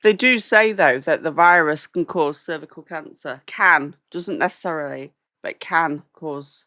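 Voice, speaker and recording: A British woman hosts a live stream in a measured, diplomatic tone, with a fairly low voice. The sound is close and dry, with no room in it. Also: sharp tone, dry recording. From Britain. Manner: measured, diplomatic, reading chat. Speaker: host. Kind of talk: live reaction stream chat.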